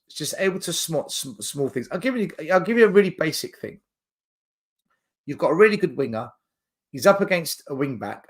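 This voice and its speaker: Animated man breaking down football. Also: fairly high pitch. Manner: animated, explains in numbered points. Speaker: podcast co-host. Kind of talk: casual football chat.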